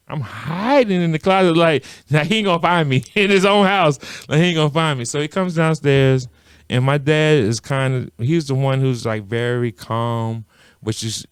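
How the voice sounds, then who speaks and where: A man's voice: medium pitch, normal speed, smooth, no echo. Guy on a podcast telling a funny story, laughs a lot, dry close sound. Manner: animated storyteller, laughs often, acts out quotes. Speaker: podcast co-host. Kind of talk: casual storytelling chat.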